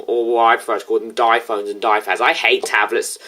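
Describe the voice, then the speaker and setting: A woman giving casual commentary over a reaction video, blunt and sarcastic, quick to correct others. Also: a bass voice, level tone, a bit bright.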